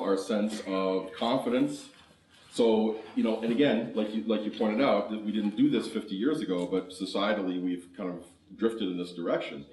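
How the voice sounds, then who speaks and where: A man from Canada runs a conference workshop, playful and quick to laugh as he quizzes the audience. His voice sits low. The recording is roomy and distant, as if caught from across a hall. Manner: animated, laughing, asks the audience questions. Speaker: conference speaker. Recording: roomy hall, mic far off.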